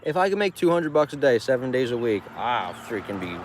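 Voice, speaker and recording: A farmer selling goods at a roadside stand chats casually on a livestream outdoors beside a busy road, rambling, joking and laughing often, with traffic noise in the recording. His voice is mid-range, sing-song and a little fast.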